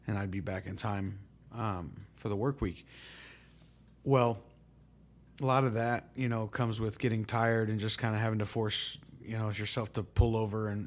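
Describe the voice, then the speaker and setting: A man hosting his own music vlog, telling a story in a relaxed, rambling way with lots of fillers. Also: fairly low pitch. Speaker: host. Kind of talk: casual storytelling to camera.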